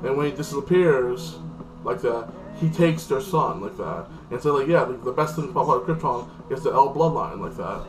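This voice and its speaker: A man rambles through a casual recap of a TV episode, stacking fillers and restarting his sentences. His voice sits back from the microphone. Loud music plays under him the whole time. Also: mid-range voice, expressive, moderate pace. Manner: rambling, filler-heavy, lots of "like". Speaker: TV episode reviewer. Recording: distant mic with loud music.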